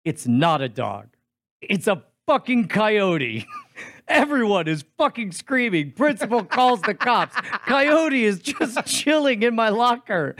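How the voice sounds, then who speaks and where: A high-pitched man with a lively, swooping voice reads silly posts aloud at an unhurried pace. He keeps cracking up with laughter as he reads. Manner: giggly, breaks into laughter while reading. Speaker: podcast co-host.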